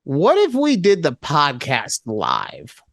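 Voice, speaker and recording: A man co-hosting a casual podcast chat over a remote call, talking in an animated, playful way and swearing often. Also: on the high side, slow, vocal fry, dry recording, studio quality. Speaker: podcast co-host.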